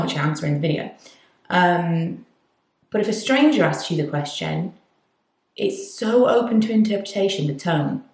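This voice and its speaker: Chatting openly to camera in her home vlog, a woman in her thirties is out of breath and sometimes whispers. She has a deep voice with a darkish tone.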